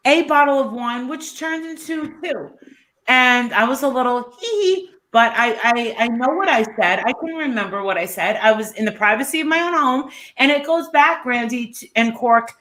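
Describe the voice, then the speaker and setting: Blunt, high-pitched ranting woman. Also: lively intonation, moderate pace, a bit bright. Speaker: live stream host. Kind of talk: heated live stream chat.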